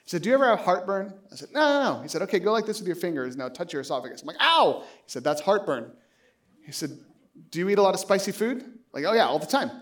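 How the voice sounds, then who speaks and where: A man in his late thirties preaches with a high, bouncing voice that swings widely in pitch. He tells stories animatedly, acting out both sides of a conversation and laughing easily as he goes. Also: fast. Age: late 30s. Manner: animated storytelling, acts out both sides of the dialogue; laughs often while speaking. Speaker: pastor. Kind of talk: sermon.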